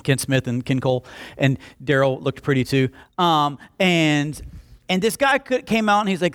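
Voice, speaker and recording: A man's voice: high voice, measured pace. A young man preaching a sermon, telling jokey stories and acting out quotes as he goes. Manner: animated, jokey storytelling with acted-out quotes. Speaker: pastor.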